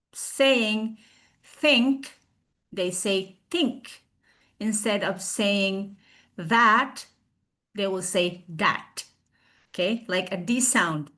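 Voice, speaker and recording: A woman talks through a recorded lesson over a video call, taking her time with each phrase. Her voice sits at an ordinary middle pitch. She hesitates often, filling gaps with "uh" and "um", and carefully sounds out her examples. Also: fairly bright tone. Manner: hesitant, with frequent fillers and restarts; slowly sounds out example pronunciations. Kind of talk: recorded slide presentation.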